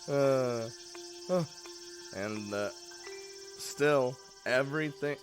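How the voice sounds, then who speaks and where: A man's voice: mid-range voice, takes it slowly, long pauses, over music. A man streaming a game live, rambling and laughing often, casually swearing, just woken up and yawning.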